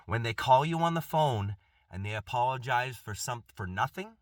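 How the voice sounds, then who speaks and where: Impassioned man, bright dry voice. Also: mid-range voice, no echo. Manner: impassioned, repeats and restarts phrases. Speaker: self-help speaker. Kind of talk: earnest spoken monologue.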